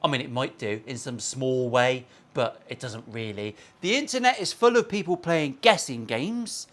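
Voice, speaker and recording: A man's voice: mid-range voice, animated, normal speed, a bit bright. A man, a guitar maker and channel host, ranting bluntly and profanely in a casual opinion vlog from his workshop.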